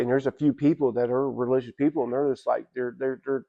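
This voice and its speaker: Gravelly man rambling through a testimony. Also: mid-range voice, flat delivery, phone-quality sound. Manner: rambling, halting storytelling with many restarts; casual, repeats "you know what I'm saying". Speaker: church member giving testimony. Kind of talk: personal testimony. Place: church.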